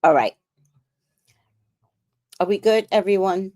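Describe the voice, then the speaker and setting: Chatty and blunt, a New York-accented woman swears freely and laughs often during casual live-stream commentary as host. She speaks slowly in a mid-range, darkish voice on a dry recording.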